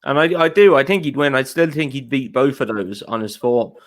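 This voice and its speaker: A man's voice: mid-range voice, a little fast. A man co-hosting a casual podcast, chatty and often laughing as he tells a story. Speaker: podcast co-host.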